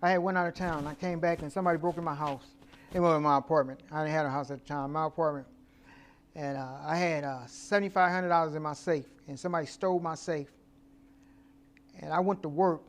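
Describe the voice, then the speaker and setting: A comedian in his fifties telling stories in a casual interview, lively and profane. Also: fairly high pitch, brisk. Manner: animated, profane storyteller. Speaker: comedian guest.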